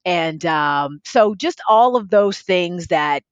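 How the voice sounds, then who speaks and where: A woman's voice: fairly low pitch, animated, slow, clear, resonant tone, no echo. A woman being interviewed as a tech expert, telling her story with animation, laughing often and repeating words. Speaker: guest, tech lifestyle expert. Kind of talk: conversational storytelling. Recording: dull, lo-fi podcast audio.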